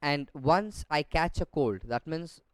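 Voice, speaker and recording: A man's voice: a little high, expressive, slow pace, no room sound. Man explaining a class story. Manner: explains step by step, rereads lines after slips. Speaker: teacher. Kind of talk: reading and explaining a textbook story.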